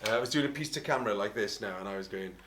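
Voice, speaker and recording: A middle-aged Welsh man, an opera singer, telling an animated, rambling story and often interrupting himself. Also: fairly low pitch, rapid-fire, a little hiss or hum. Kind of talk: anecdotal storytelling.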